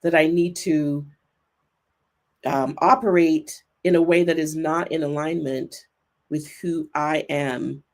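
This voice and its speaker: Speaking over a remote video call, a woman guest on a reflective podcast sounds earnest and thoughtful. Her deep voice holds a steady tone, though her pace shifts faster and slower as she works through her thoughts.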